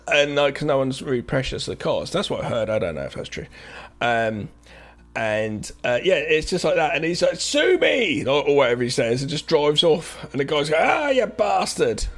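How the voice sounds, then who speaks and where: A man's voice: mid-range voice, normal speed. A man co-hosting a podcast, recapping a film in casual chat and acting out the characters' lines as he goes. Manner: animated, acts out characters' lines mid-recap. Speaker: podcast co-host.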